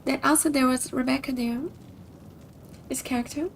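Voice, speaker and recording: High-voiced chatty woman streamer. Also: fairly even intonation, normal speed, gravelly, slight background noise. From Brazil. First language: Portuguese. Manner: chatty, upbeat, giggly. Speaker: game streamer. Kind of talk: casual stream chat with game commentary.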